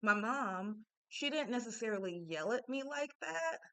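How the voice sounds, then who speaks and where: Thirties woman, self-help talker, slow and smooth, dry close sound. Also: fairly high pitch, expressive, pushed and bright, no echo. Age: 30s. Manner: conversational, often asks "right?" of listeners. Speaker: spiritual self-help speaker. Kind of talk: casual spoken reflection.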